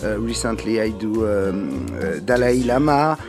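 A man in his forties with a French accent, speaking halting English full of fillers as a guest in a radio interview. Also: fairly low pitch, sing-song, music in the background. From France. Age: 40s. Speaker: guest musician. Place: remote studio.

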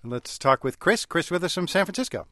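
A man's voice: on the high side, big pitch swings, fairly quick, sharp tone, no echo, studio quality. A man hosting a public radio call-in show, chatting with callers in an easygoing, wry way.

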